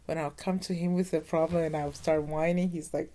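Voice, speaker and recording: A woman giving an earnest motivational talk, slowing down to stress her points. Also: low voice, warm tone.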